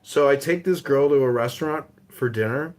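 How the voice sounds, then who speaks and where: A young man chatting casually on the phone, telling animated, jokey stories. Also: mid-range voice, normal speed. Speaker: comic storyteller.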